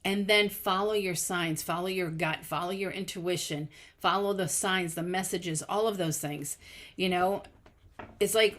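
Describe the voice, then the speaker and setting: A middle-aged woman hosting a podcast, telling personal stories in an earnest, casual spiritual talk with lively quoted asides. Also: medium pitch, normal speed. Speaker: podcast host.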